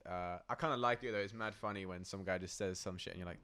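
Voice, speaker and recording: Deep-voiced posh London rapper. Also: male voice, fairly even intonation, fast talker, a bit bright. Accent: posh London English. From England. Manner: loose, slangy, swears often, lots of fillers. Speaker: rapper and guest. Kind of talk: casual interview chat.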